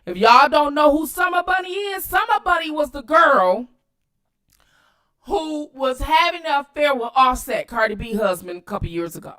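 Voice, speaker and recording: A woman hosting her own channel, giving loud, cussing commentary on video clips and talking straight to her viewers. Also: high voice, normal speed. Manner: animated, cussing, addresses viewers directly. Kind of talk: casual commentary while watching clips.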